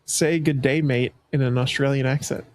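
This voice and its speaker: A man co-hosting a podcast, casually reading out questions and chatting in a relaxed way. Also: medium pitch, moderate pace, dry recording. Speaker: podcast co-host asking the questions. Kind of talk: casual chat.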